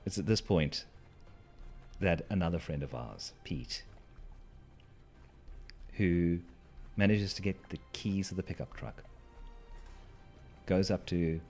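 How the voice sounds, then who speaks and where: A man's voice: low-pitched, slow pace, pauses often, a little mellow, faint music behind. A man telling a wry, rambling story to his stream, with asides to the listeners. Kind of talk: casual storytelling while gaming.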